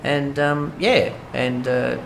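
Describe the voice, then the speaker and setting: Australian male streamer, mid-pitched, chatty and rambling, steady noise behind. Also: slow pace, creaky. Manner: chatty, rambling, talks to viewers while playing. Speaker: game streamer. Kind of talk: casual live-stream chat.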